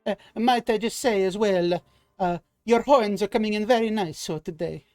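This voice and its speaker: A man's voice: high voice, moderate pace, a little mellow, no room sound, clean studio sound, voice pushed up. A man voicing a pushy, cheerful male rat-folk baker with a put-on Italian accent. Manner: brash, haggling, calls everyone boss.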